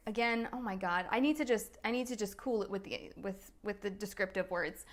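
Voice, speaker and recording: A woman's voice: mid-range voice, a little fast, hardly any pauses. A woman, a coach talking casually on a live video, chatty and laughing at herself. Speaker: business strategy and NLP coach, host.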